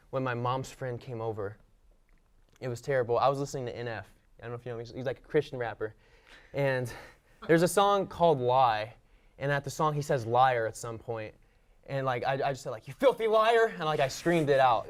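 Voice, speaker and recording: Young man, mid-pitched, animated, self-deprecating. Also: a little fast. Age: young adult. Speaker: student panelist. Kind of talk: casual storytelling.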